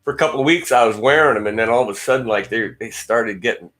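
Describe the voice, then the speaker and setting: A man's voice: mid-range voice, quick pace, a bit bright. A man hosting a casual livestream, rambling and joking as he talks back to viewer comments. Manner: joking and blunt. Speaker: guitar channel host.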